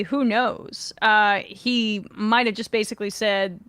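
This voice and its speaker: A woman's voice: medium pitch, steady tone, a bit bright, smooth, dry recording, studio quality. A woman hosting a sports podcast, chatting casually and reading listener messages, her voice a little worn. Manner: conversational, quick when reading aloud. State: slightly losing her voice. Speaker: podcast host.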